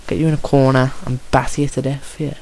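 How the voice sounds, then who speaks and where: A young man with a Birmingham accent, giving chatty, excitable and jokey commentary on his own gameplay. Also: medium pitch, fast talker, a little hiss or hum. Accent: Birmingham English. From Birmingham, England.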